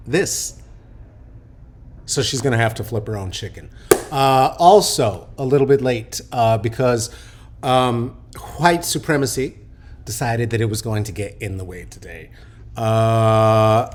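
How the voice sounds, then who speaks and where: A man in his late forties hosting a podcast unscripted, joking and rambling with many ums and restarts. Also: medium pitch. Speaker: podcast host. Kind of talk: casual unscripted podcast talk.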